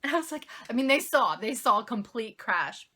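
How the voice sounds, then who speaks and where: A woman's voice: on the high side, expressive, fairly quick, bright, forceful tone, breathy edge. A young woman vlogger telling a story to camera in a casual way, laughing often and poking fun at herself.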